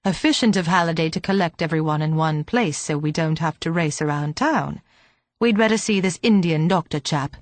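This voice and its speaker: A woman voicing a brisk, thoughtful police chief inspector who asks clipped, businesslike questions. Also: on the high side, no echo, lightly acted.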